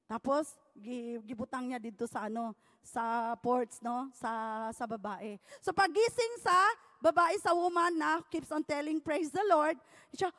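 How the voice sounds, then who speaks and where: High-voiced woman preaching in a hall. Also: normal speed. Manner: switching between English and Filipino languages, often asking "no?"; calls out "Praise the Lord" with rising shouts. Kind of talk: sermon. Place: church hall.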